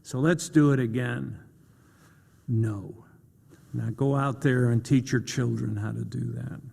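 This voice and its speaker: A man giving a motivational talk about confident communication, speaking deliberately and acting out example voices. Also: medium pitch, fairly even intonation, vocal fry, warm tone, long reverb tail.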